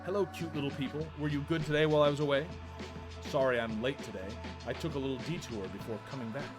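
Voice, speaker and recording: A man's voice: medium pitch, steady tone, fast talker, over loud music, close to an everyday voice. A man reading aloud the lines of a giant young woman who is sweetly teasing and hungry, in a plain, coaxing voice. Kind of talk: reading game dialogue aloud.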